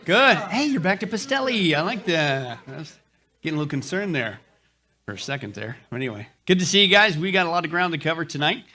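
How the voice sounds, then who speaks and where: A man's voice: fairly high pitch, very animated, fast talker, pushed and bright. A middle-aged male pastor giving jokey, folksy church announcements to his congregation, with lots of "uh" fillers. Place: church sanctuary.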